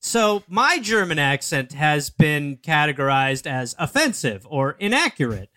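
A man's voice: fairly high pitch, very animated, a little slow, pushed and bright. A man co-hosting a comedy advice podcast, teasing and joking in casual chat. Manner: teasing, jokey interjections. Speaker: podcast co-host.

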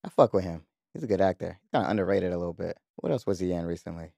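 Gravelly low-voiced man chatting casually. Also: rapid-fire, mellow, no echo, lo-fi sound. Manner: loose, slangy, enthusiastic. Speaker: podcast co-host. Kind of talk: casual chat.

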